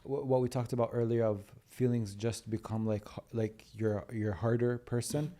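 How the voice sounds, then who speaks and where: A man hosting a podcast conversation, speaking haltingly and searching for words as he asks questions. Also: mid-range voice, level tone, dark tone. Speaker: podcast host.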